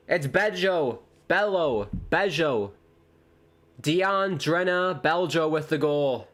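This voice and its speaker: A man chatting casually on a live football watchalong stream, rambling between excited reactions to the match. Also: on the high side, slow pace.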